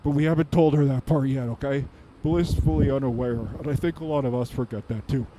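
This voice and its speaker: A man's voice: mid-range voice, fairly even intonation, a little fast, background noise, close to an everyday voice. A man playing a goofy adult male superhero who muses aloud in a rambling way and makes his own sound effects, in an improvised comedic monologue.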